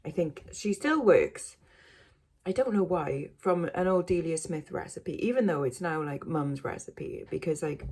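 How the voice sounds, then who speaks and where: A woman's voice: deep voice, animated, measured pace, darkish tone, slightly rough. A woman vlogging casually from home, rambling and self-mocking, with many fillers. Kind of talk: casual chat to camera.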